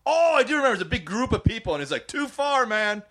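A man's voice: extremely high pitch, big pitch swings, racing, a bit bright, no echo. A male comedian guest in casual chat, chiming in with reminiscences in a home man cave.

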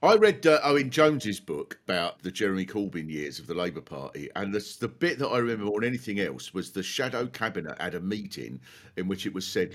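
Lively man telling comic stories. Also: sits low, a little fast. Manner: animated anecdotes, acts out quoted people. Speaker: comedian podcast host. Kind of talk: comic conversation and storytelling.

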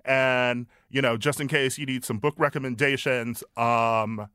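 A man's voice: medium pitch, steady tone, a little slow, pushed and bright, smooth, no room sound. A man co-hosting a podcast, calling in remotely and trading dry, teasing banter. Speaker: podcast co-host.

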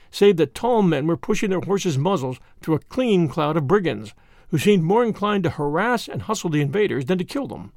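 A man narrating a classic mystery story in an expressive reading. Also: a little high, no room sound, studio quality.

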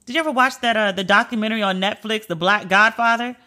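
A woman's voice: mid-range voice, quick pace, sharp tone. A woman giving casual celebrity news commentary, chatty and candid with emphatic asides. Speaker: pop culture commentator.

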